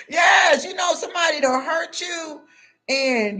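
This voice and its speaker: A woman with a very high, sharp voice speaks unhurriedly, dispensing spiritual advice in a loose, unscripted monologue. She confronts the listener bluntly in street slang, often adding "you know what I'm saying" and similar tags.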